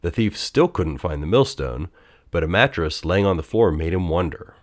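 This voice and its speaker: Male storyteller, low voice, expressive children's read-aloud. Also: normal speed.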